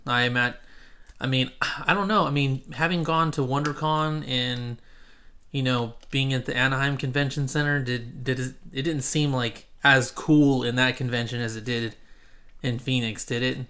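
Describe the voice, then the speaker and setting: Male podcast host, mid-pitched, rambling casual delivery with lots of fillers. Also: fairly even intonation, normal speed, pushed and bright. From Central California. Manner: rambling, many fillers and restarts. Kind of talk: casual chat.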